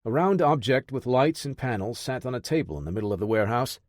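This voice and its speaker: A man's voice: mid-range voice, expressive, fast talker, no room sound, studio quality. Man narrating a military thriller. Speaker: audiobook narrator. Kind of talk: scripted audiobook narration.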